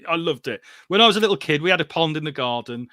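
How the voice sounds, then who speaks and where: A man's voice: a little high, animated, fast, sharp tone, no room sound. A man hosting a casual interview, talking with earnest enthusiasm and getting openly emotional about the subject. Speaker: podcast host.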